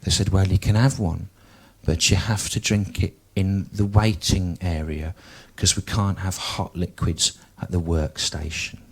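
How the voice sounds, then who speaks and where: A woman's voice: extremely low pitch, fairly even intonation, a little slow, few pauses, a little mellow, husky, exaggerated voice. An elderly grandmother, indignant and rambling, complains in a bigoted grumble, put on by a man. She drifts from one grievance to the next. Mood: grumbling. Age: older.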